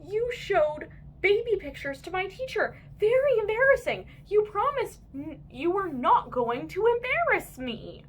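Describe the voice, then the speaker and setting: A woman voicing an easily embarrassed young boy, high and indignant, in a read-aloud children's story. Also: sing-song, a little slow, a little hiss or hum, full character voice.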